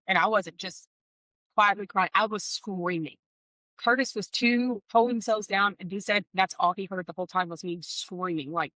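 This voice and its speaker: Sharing a personal testimony as an interview guest, a woman tells her life story candidly and emotionally, with wry asides. Her mid-range voice is bright and clear, captured close and dry with no room sound, though the recording is rough.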